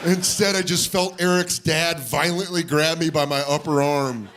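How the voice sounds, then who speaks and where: A man's voice: fairly high pitch, moderate pace. A man performing stand-up comedy on stage, telling stories and acting out the voices of people in them. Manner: animated, acts out voices of people in his stories. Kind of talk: stand-up storytelling. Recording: live club set with audience noise behind.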